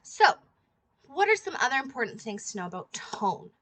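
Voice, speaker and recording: A young woman with a slightly higher-than-average voice teaches singing in a casual, chatty way. She stops now and then to sing short demonstration notes. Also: sing-song, moderate pace, bright, forceful tone. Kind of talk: casual vocal lesson.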